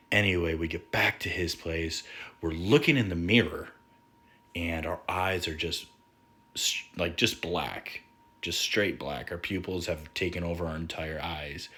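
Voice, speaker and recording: Young male storyteller, low bright voice, rambling and profane, casual. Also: slightly rough. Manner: rambling, profane, lots of fillers.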